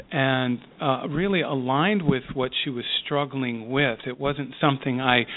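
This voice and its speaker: A man speaking slowly and reflectively as a psychiatrist guest, pausing often and using many fillers. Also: medium pitch, a little hiss or hum. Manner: slow, thoughtful, with many pauses and fillers. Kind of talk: reflective interview talk. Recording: phone-like narrow line.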